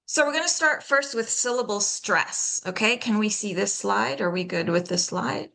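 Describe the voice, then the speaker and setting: Woman, pronunciation instructor, bright tone, some vocal fry, patient, slow demonstrations, frequent "okay?" check-ins. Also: medium pitch, lively intonation. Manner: demonstrates sounds slowly and deliberately. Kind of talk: live online workshop teaching.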